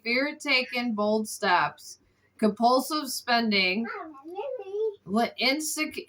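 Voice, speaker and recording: Woman tarot reader, bright and a bit high, casual, exasperated, swears freely. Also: poor audio. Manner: exasperated, scolds between readings. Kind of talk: casual tarot reading video.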